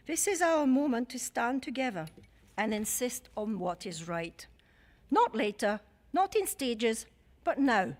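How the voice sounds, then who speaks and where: A woman with a French accent delivering an emphatic, rhetorical speech to a conference. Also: fairly high pitch. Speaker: conference speaker and chair. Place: large conference hall. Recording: long hall reverb.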